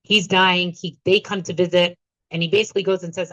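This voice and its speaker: A woman's voice: lowish voice, steady tone, fast, fairly bright tone, dry recording, dull audio. A woman giving a Talmud class, reading the text and translating it line by line, checking in with her listeners as she goes. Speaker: teacher.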